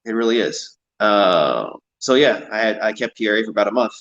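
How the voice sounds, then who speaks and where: A man's voice: lowish voice, lively intonation, moderate pace, a bit bright, lo-fi sound. A man talking in a casual chat, rambling and repeating himself.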